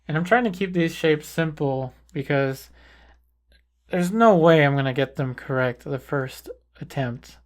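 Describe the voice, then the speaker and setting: A man calmly talking through a portrait painting tutorial, thinking aloud as he paints. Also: on the high side. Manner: calm, unhurried, thinking aloud while painting. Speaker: painting instructor. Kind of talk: relaxed painting tutorial narration.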